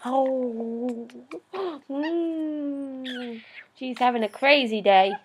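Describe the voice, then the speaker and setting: A woman at home talking baby talk to her pet parrot, with high coos and squeals. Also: very slow. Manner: high sing-song coos and squeals at the bird. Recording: noisy home video.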